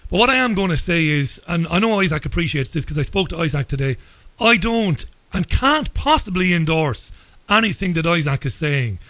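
An Irish man in middle age hosts a radio interview in a measured, deliberate voice that sits a bit high for a man. He often restarts his sentences as he works toward a point. The sound is dry and close, with no room around it. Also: expressive, fairly bright tone, no echo. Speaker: radio host.

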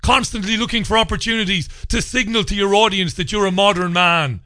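A male radio talk show host giving crude, mocking commentary with loud bursts. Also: high-pitched, fairly quick, no room sound, studio quality. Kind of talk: ranting commentary.

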